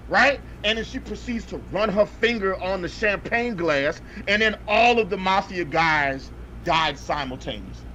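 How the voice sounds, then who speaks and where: A podcast co-host who reviews movies delivers a comedic rant about a bad film, exasperated and profane, repeating punchlines for emphasis. His voice is high and fairly bright. The audio is dull and lo-fi, with faint noise.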